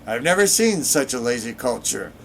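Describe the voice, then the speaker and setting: A man's voice: mid-range voice, big pitch swings, moderate pace, slight background noise, pitched above the performer's own voice. A man voicing a scornful male Nord diplomat with a put-on Nord accent and a blustering, contemptuous manner.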